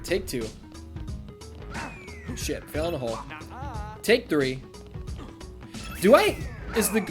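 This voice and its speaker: A man calling his own video game match in let's-play commentary, excitable and profane, shouting at the big moves. His pitch swings all over while he talks, and game music plays behind him. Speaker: gaming youtuber.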